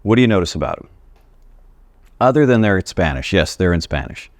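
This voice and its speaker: A man with a low voice gives a casual video lesson on Spanish grammar and talks straight to his viewers in a friendly, chatty way. The sound is dry and close, with no room in it. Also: big pitch swings, a little fast, gravelly, dry recording. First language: English. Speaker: Spanish teacher.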